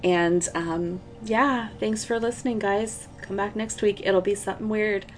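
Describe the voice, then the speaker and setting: A woman's voice: medium pitch, fairly even intonation, a little slow, faint music behind. A woman hosting a bedtime comedy podcast, chatting casually with fillers. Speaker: podcast host. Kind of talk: bedtime comedy story narration.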